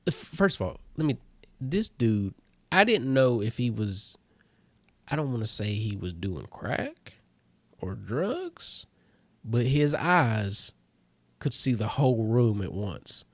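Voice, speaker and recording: A man telling a rambling comic story in a casual way, his voice jumping high when he gets excited. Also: slow pace, no room sound. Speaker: comedian host.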